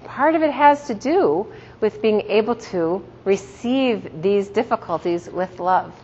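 A woman's voice: medium pitch, lively intonation, a little slow, a little hiss or hum. Middle-aged woman teaching in an echoing hall. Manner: warm, storytelling, laughs often. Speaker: religious teacher. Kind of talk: talk to a group. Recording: dull sound in a reverberant hall.

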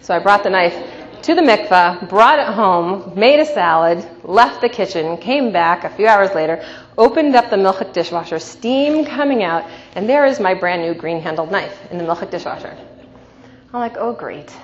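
A woman's voice: mid-range voice, normal speed. Woman giving a talk, chatty stories, lots of "right?", dull lo-fi sound with long reverb. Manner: lively anecdotal, often asks "right?". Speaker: coach and teacher. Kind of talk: storytelling lecture to an audience. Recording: dull recording in a reverberant hall, faint noise.

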